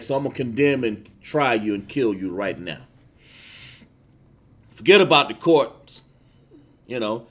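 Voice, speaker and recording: A man preaching a sermon over a phone livestream, reading scripture with heavy drawn-out stresses and chatting with viewers. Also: medium pitch, lively intonation. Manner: emphatic, drawn-out stresses, chats with viewers between verses.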